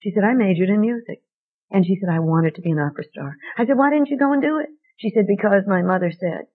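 A woman's voice: medium pitch, expressive, quick pace. An older woman telling a personal story to an audience, earnestly acting out the quoted dialogue. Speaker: speaker. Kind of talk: storytelling talk. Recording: narrow tinny phone-like sound.

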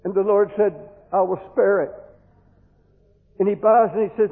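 Man, fervent preacher, very high voice, stammers into repeats, long hall reverb. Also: level tone, normal speed, pauses often. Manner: impassioned, repeats words when pleading. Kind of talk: fervent sermon. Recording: tinny hall recording with long echo.

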